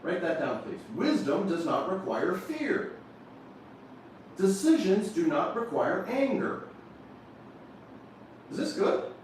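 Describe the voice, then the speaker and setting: Animated man teaching in an echoey room. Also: high-pitched, slow pace, pauses often, distant mic, a little hiss or hum. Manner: animated, questions the audience, repeats instructions. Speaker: seminar speaker. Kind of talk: motivational workshop talk.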